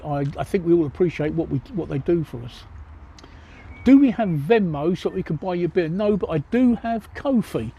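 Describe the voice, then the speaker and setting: An older man with an English accent chats bluntly and jokily with his viewers, his voice sitting a little high yet mellow and dark. He talks into a phone outdoors, with faint street noise behind him. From England. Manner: blunt, joking, matter-of-fact. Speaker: livestreamer answering viewer chat. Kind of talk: casual chat Q&A. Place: outdoors by a pub. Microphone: cell phone.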